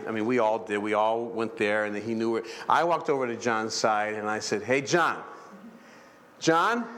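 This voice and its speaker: A man preaching a sermon in a church, animated, acting out characters and calling for amens. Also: mid-range voice. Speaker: pastor.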